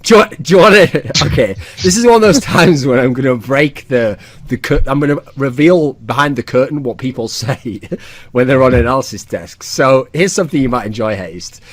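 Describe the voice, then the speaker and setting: Teasing podcast host. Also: male voice, mid-range voice, animated, normal speed, dry recording. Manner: teasing, joking, lots of laughing asides. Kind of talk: casual podcast chat.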